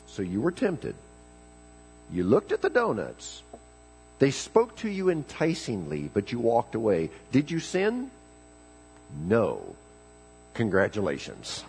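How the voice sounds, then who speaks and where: A man's voice: mid-range voice, a little mellow, breathy edge, low-quality recording. A man preaching a folksy, joking sermon in church, often repeating words as he starts a thought. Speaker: pastor.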